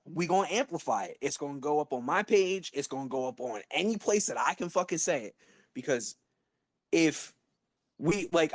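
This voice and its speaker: A man's voice: a little high, no echo. A man in his thirties speaking emotionally in a live online audio room. He is blunt and profane, and he stresses points by repeating words and restarting sentences. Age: 30s. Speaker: guest speaker.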